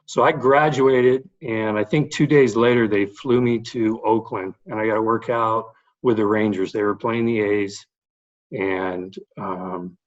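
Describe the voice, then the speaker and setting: A man's voice: lowish voice, measured pace, highs cut off. A middle-aged man, a baseball coach, telling anecdotes from his playing days in a casual podcast chat. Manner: animated anecdotes with fillers. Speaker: guest, baseball head coach.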